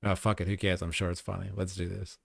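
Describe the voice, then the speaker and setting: A man's voice: deep voice, little pitch movement, quick pace, gravelly, no room sound, studio quality. A man hosting a livestream, casually commenting on news clips with sarcastic, profane reactions. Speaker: livestream host.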